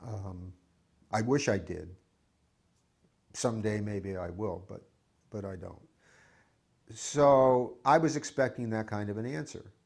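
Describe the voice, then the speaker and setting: Gravelly low-voiced man reminiscing. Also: slow, pauses often, a little mellow. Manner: reflective, hesitant, with restarts. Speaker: devotee recalling memories. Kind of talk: reminiscing interview.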